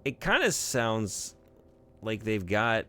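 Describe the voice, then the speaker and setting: A man's voice: fairly low pitch, big pitch swings, takes it slowly, bright, forceful tone. A man streaming a video game, chatting casually and rambling with lots of fillers and the odd swear. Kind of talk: casual gaming stream chat.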